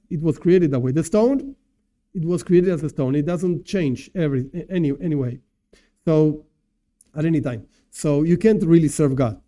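Man, informal religious lecture, slightly high pitch, very dark mellow tone, rephrases often. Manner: thinks aloud, rephrases and translates terms as he goes. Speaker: religious teacher. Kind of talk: informal lecture on Jewish teachings.

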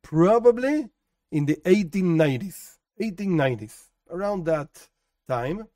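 Animated man teaching a religious story. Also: sits high, measured pace, no echo, studio quality, distant mic. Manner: animated storyteller, chatty asides. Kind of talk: storytelling Torah lesson.

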